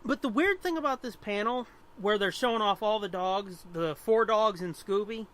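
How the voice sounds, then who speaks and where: Excitable podcast dude, high bright voice, cusses constantly. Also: male voice, normal speed. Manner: profane, excitable. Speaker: podcast co-host. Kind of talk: casual chat.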